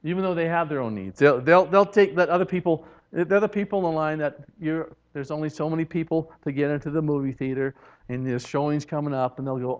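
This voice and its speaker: A man with a rather high voice teaches a church congregation. He slips into soft, hushed tones whenever he acts out what people say. The recording is dull and lo-fi. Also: fast. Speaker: preacher.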